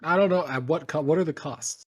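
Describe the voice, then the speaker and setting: A man's voice: fairly high pitch, a little fast, muffled recording. A young man co-hosting a comedic podcast, ranting sardonically and swearing a lot. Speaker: podcast co-host. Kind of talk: crude comedic podcast banter.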